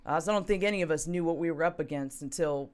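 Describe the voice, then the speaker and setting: A woman's voice: low-pitched, fast, darkish tone. A woman hosting a live stream, chatting casually and reading news items. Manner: chatty, emphatic. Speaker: host.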